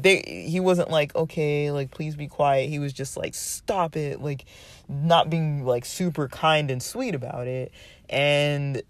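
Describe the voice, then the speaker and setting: A man's voice: mid-range voice, dry recording. A man telling a long, rambling story in a casual monologue, full of "like" and "um", sounding exasperated. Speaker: vlogger ranting about a roommate.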